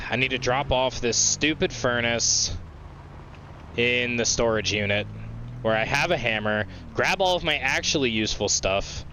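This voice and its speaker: A young man giving live gameplay commentary, excitable, swearing often and shouting at the game. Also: mid-range voice, a little slow, a little hiss or hum. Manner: mocking sing-song voice when quoting the game. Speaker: gaming streamer.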